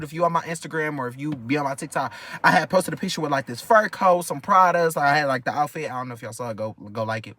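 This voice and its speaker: A young man from Detroit with a Detroit accent, telling a personal story in an animated, profane way with many filler phrases. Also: on the high side. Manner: animated, profane, keeps repeating "whatever the case may be". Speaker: vlogger. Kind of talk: casual storytime.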